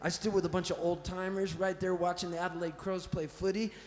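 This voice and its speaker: High-voiced man rambling from a festival stage. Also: level tone, brisk, darkish tone. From Canada. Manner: rambling, playful, cheerfully profane. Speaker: singer-songwriter. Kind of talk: comic stage storytelling between songs. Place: festival big top tent, live on stage. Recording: roomy reverberant live tent sound.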